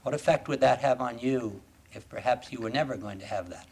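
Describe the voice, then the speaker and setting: A man lecturing an audience in a deliberate, emphatic way, often asking rhetorical questions. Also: mid-range voice, darkish tone, husky. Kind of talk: formal lecture.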